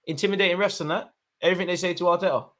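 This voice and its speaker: A young man giving excitable live commentary on a football match, shouting at players and the referee. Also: high-pitched, racing. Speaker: football fan channel host.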